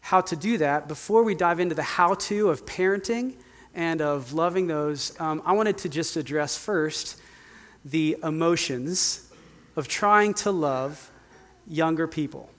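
In a church sanctuary with long hall reverb, a youth pastor in his forties preaches a candid, conversational sermon and asks the congregation to call out answers. His voice is a little high and unhurried.

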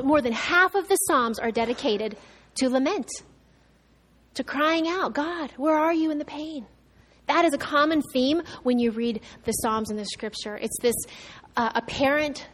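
A woman pastor delivers a sermon with a fairly high, clear voice. She preaches conversationally, with asides and restarts. Her delivery swings from raised, emphatic lines to soft, hushed ones.

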